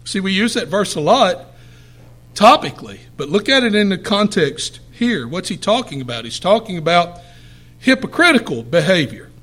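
High-voiced man reading scripture haltingly. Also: big pitch swings, fairly bright tone. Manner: halting, frequent "uh" fillers and throat clearing; self-corrects while reading aloud. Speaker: Bible teacher.

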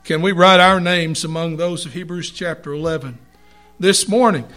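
A man preaching a sermon to a congregation, reading scripture aloud and stressing words with slow emphasis. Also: on the high side, bright, forceful tone.

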